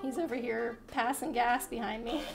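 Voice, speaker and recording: A woman's voice: fairly high pitch, fairly even intonation, moderate pace, creaky, music in the background. A woman chatting with viewers on a crafting livestream, bubbly and giggly, often laughing as she talks. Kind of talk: casual crafting livestream chat.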